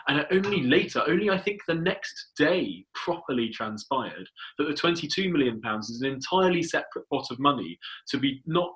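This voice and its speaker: A man's voice: medium pitch, pushed and bright, poor audio. Dry-voiced male podcast host. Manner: measured, dry, with hesitant fillers. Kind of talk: casual political chat.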